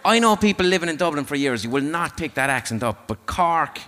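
A man's voice: on the high side, lively intonation, brisk, sharp tone, dry recording. A man hosting a podcast in casual chat, rambling, jokey and irreverent. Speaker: podcast host.

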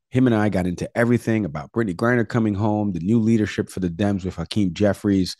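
A man with a lowish voice hosts a podcast, giving a brisk, fluent rundown sprinkled with uh fillers. His voice is recorded close on a dry studio mic. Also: a little mellow, no echo. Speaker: podcast host. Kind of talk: casual podcast talk.

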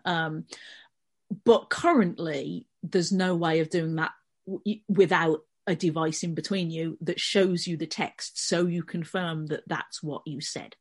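A woman's voice: deep voice, breathy edge. A middle-aged woman with a Birmingham accent, talking through ideas at length as a guest in a casual podcast discussion. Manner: conversational, explaining at length. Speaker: panel guest columnist.

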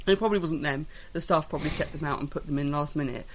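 A woman's voice: sits low, very fast, a little hiss or hum. A woman co-hosting a podcast, chatting casually in a rambling, self-deprecating way. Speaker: podcast co-host. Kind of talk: casual chat.

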